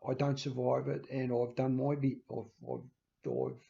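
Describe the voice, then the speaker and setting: A man hosting his own vlog, talking in a halting way with many restarts and stammers and sounding emotional. He records on a handheld camera. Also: mid-range voice, flat delivery, creaky, mellow. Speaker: channel host. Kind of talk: casual farewell vlog. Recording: slightly dull lo-fi recording.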